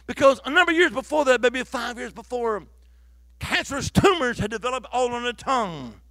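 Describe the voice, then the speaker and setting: A male preacher, telling stories in a sermon, moving between loud declarations and hushed whispers in church. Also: extremely high pitch, lively intonation, brisk, dry recording.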